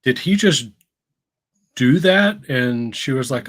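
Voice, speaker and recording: Male co-host, casual, chuckling, tosses in playful questions, mid pitch. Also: expressive, takes it slowly, fairly bright tone. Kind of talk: casual chat.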